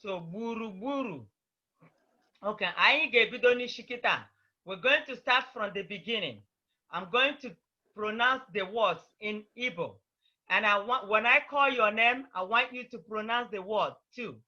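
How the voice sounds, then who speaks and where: A high, bright male voice moves at an unhurried pace, with each word repeated carefully as he teaches. The sound arrives muffled and lo-fi over a video call, as a patient language teacher leads an online class. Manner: patient, repeats words slowly for students to copy.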